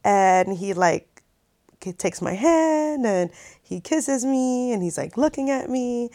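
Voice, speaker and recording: A woman vlogger in her thirties tells a story in a chatty, animated way, packed with fillers like "like" and plenty of swearing. Her voice is a little high and slow, recorded without echo.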